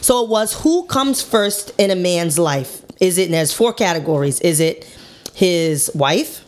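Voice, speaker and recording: A young woman co-hosting a casual podcast, chatty and quick to laugh as she leads the conversation. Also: lowish voice, expressive. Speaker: podcast co-host.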